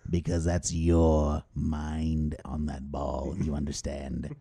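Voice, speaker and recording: A man voicing a menacing male convict who coaches tennis, slow and intense. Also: very deep voice, completely flat delivery, creaky, warm tone, husky, heavily acted.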